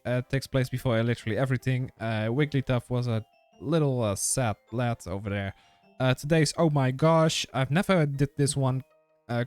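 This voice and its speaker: A man's voice: mid-range voice, a little mellow, no room sound. A man streaming a game live, chatting casually with his viewers in a rambling way, full of fillers and restarts. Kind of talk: casual live-stream chat while gaming.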